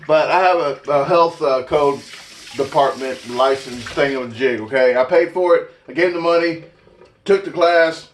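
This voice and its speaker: A man's voice: on the high side, normal speed, a little hiss or hum. A man hosting his own channel, talking casually to the camera in a rambling, chatty way and interrupting himself. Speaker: YouTube host, competitive eater. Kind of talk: casual vlog talk to the camera. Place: indoors at home.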